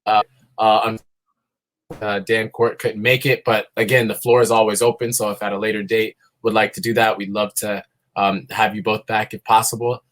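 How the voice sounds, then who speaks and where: A man hosting a live online event in a fairly low voice. He is friendly and rambling, tripping over words and trailing off with fillers. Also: level tone, moderate pace, a bit bright. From New York. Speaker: event host.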